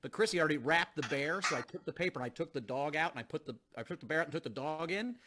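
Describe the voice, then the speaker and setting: A man's voice: fairly high pitch, animated, very fast, noisy background. A man guesting on a comedy show over a video call, telling rambling anecdotes with laughs. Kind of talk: casual storytelling banter.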